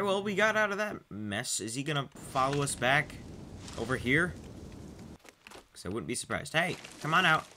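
A man giving casual gameplay commentary, excitable and chattering to his character, over noticeable background noise. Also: mid-range voice. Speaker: gaming channel host.

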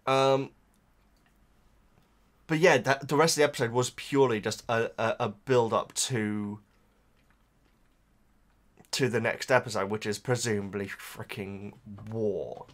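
A man's voice: mid-range voice, unhurried, pauses often. A man hosting a reaction channel, talking in a casual, emotional and rambling way with lots of restarts.

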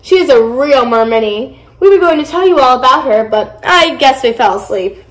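A young reader voicing an eager, lively mother in a children's story. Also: high-pitched, normal speed, echoey room. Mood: excited. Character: cheerful storybook mom.

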